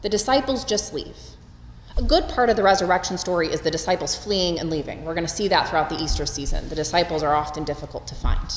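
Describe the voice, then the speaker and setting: Female preacher, expressive storyteller, church reverb, faint room hum. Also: fast. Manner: expressive, storytelling, lively pitch swings. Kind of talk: Easter sermon. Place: church sanctuary. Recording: roomy church with long reverb.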